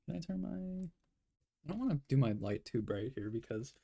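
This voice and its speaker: A young man with a gravelly, fry-edged, warm-toned voice of medium pitch talks briskly through his drawing stream, his pitch swinging widely. The art streamer rambles, mocks himself, pads his speech with fillers, and yawns, sounding a bit tired.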